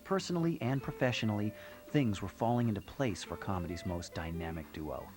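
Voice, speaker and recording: A man with a fairly low voice narrates a television documentary in a measured, storytelling manner. His scripted lines sit over loud background music.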